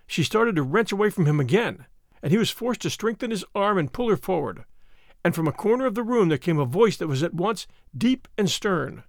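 Man narrating a story, high voice, lively and dramatic, dry close sound. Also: fairly quick, dry recording. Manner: expressive, dramatic reading.

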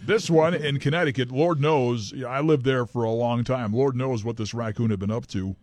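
A man's voice: medium pitch, moderate pace, a little mellow, dry recording, clean studio sound. A man co-hosting a talk radio show, teasing the host with wry asides.

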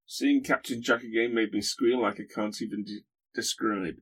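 The guest host of this podcast is a man whose lowish voice has fairly even intonation and a fairly bright tone, delivered at a moderate pace. His casual talk mixes dry humour with frequent hesitation and filler words.

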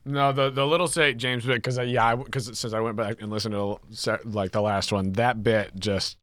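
A man co-hosting a comedy podcast, playful and expressive, sometimes narrating a game scene. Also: medium pitch, normal speed, no room sound, clean studio sound. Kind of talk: casual banter with scripted narration.

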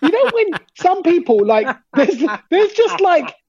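A man's voice: very high voice, sing-song, a little slow, a little mellow, dry recording, dull audio. A man from hosting a podcast, teasing his co-hosts and laughing often in casual banter. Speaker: podcast host.

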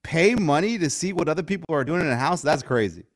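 A man with a slightly raised pitch co-hosting a casual chat. He pokes fun skeptically at what the others say. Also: expressive, fast. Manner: skeptical, teasing. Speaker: podcast co-host.

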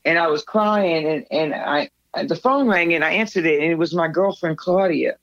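A woman's voice: deep voice, moderate pace, no room sound, highs cut off. An older woman, a guest in an interview, telling personal stories in a rambling way with many restarts. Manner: rambling, frequent restarts, acts out quoted voices. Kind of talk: candid personal storytelling.

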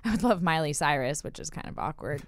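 A woman's voice: sits low, lively intonation, quick pace, dry recording. A woman hosting a podcast in casual chat, bubbly and laughing often between words, recorded in a studio. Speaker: podcast host.

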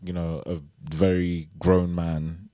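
A man co-hosting a podcast in relaxed chat, mostly agreeing with short interjections. His voice is very low and mellow. The sound is dry and close. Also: slow, smooth, no room sound. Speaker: podcast co-host. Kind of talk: casual chat.

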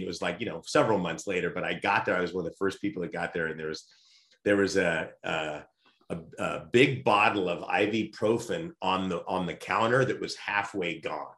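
A low-pitched man tells an animated personal story, stumbling and restarting as he goes. The room around him rings with echo. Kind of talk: casual storytelling chat. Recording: roomy echo.

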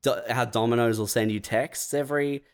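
A man's voice: mid-range voice, fairly even intonation, fairly quick, clean tone. A laid-back man who is a comedian co-hosting a podcast, rambling through bits in casual chat.

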